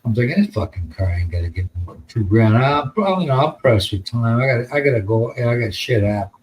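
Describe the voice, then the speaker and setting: A man's voice: mid-range voice, lively intonation, fast talker, muffled recording. An American man telling a long, rambling story in casual podcast chat, with plenty of swearing. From United States. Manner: rambling, profane, laid-back. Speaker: podcast host.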